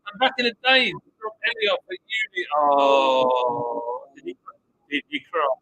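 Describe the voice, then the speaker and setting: A man's voice: fairly high pitch, huge pitch swings, measured pace, pushed and bright, no echo, rough recording. A man co-hosting a live stream, reading viewer comments aloud and joking around in casual banter. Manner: laughing, jokey banter.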